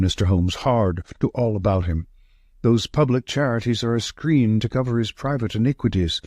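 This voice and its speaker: A man's voice: fairly low pitch, darkish tone, no echo, studio quality, lightly acted. A man reading the part of a thin, nervous male estate manager in an audiobook, gasping out short sentences.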